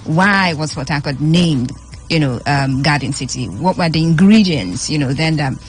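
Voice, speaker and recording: A woman with a Nigerian accent hosts a radio show on a studio microphone, chatting and reading the news and stressing words by repeating them. Her low voice is expressive and moderately paced, with a little hiss or hum in the audio.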